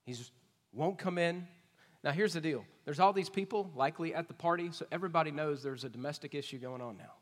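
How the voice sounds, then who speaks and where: A man preaching an expository sermon, emphatic and questioning, swinging between loud points and hushed asides. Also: on the high side, a little fast. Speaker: pastor. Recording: long reverb of a large hall.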